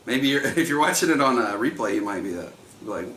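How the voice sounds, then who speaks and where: A man in his thirties runs a trivia night over a livestream, talking in a loose, chatty way and laughing often as he reads out and repeats each question. His voice has a bright, forward edge. It sounds like a room at home that is a bit echoey, with a faint hum behind him. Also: medium pitch, expressive, fast.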